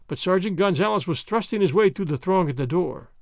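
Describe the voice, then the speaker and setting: A man narrating a classic adventure story in a measured storytelling way. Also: sits high, lively intonation, creaky, no echo, clean studio sound. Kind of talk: dramatic audiobook narration.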